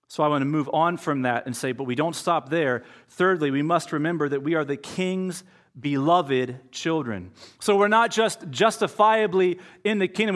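Man, pastor, conversational sermon, slightly higher voice, acts out inner dialogue. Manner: conversational preaching with personal story.

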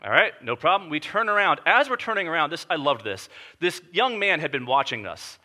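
A male pastor preaching with a very bright, sharp-edged voice pitched a little high. He tells stories with lively emphasis, then sinks low and quiet for his weightiest points. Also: a little fast. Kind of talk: sermon.

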